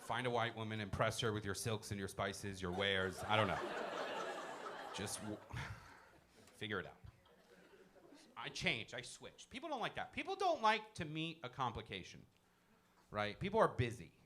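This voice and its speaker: A man performing a stand-up comedy set in a comedy club, talking loosely and dropping into quick character voices. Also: on the low side, wildly swooping pitch, noisy background. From born in a Muslim-majority country. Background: audience laughter.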